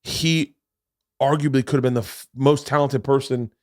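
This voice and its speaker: A man's voice: medium pitch, fairly even intonation, moderate pace, darkish tone. A man in his forties hosting a podcast from his home studio, chatting casually in a rambling way and swearing freely. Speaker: podcast host. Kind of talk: casual chat.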